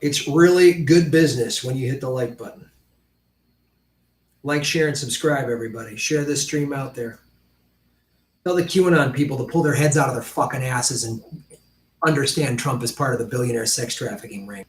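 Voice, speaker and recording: A man's voice: medium pitch, moderate pace, reverberant, far from the mic, slight background noise. A man hosting a political livestream, talking bluntly and profanely straight to his chat viewers. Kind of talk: livestream commentary.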